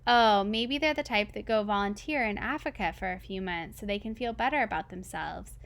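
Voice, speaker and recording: A woman's voice: medium pitch, normal speed, a bit bright, close to an everyday voice. Woman reading as a young man, blunt, bossy, sarcastic, storybook voice. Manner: curt and sarcastic. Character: blunt, prickly young man in charge of the kitchen.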